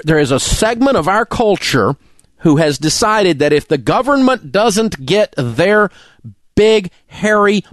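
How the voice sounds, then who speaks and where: A man's voice: high voice, no echo, studio quality. Furious ranting man. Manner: angry, indignant, name-calling rant. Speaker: radio talk show host. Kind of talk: ranting talk radio monologue.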